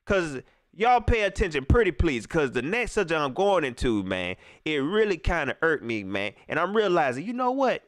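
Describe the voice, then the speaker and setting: Male fan-channel host, live-stream rant; lively swooping delivery, dry close sound, slangy and emphatic. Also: on the high side, moderate pace, no echo. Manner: animated and emphatic, with repeated rhetorical questions; casual slangy speech with frequent fillers. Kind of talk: casual live-stream venting.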